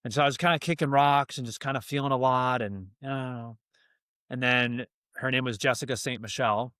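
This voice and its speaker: Young man, from Massachusetts, podcast guest, frank storyteller, bright forward voice, dry close sound. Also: medium pitch, a little fast, clean tone, dry recording. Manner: candid, animated storyteller acting out quoted dialogue. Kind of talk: casual storytelling.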